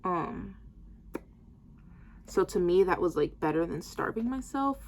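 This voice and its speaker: A woman's voice: lowish voice, lively intonation, measured pace, darkish tone, a little hiss or hum. A woman in her twenties telling a story casually to camera, full of "like" and "um", while doing her hair. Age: 20s. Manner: rambling, heavy use of "like" and "um". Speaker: vlogger.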